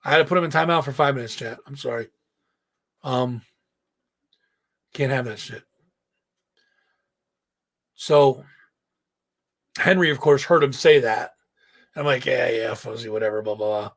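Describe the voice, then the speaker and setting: A man hosting a casual live stream, hoarse, telling a rambling, profane story and breaking off to talk to his chat. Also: medium pitch, measured pace, long pauses, a bit bright. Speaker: host.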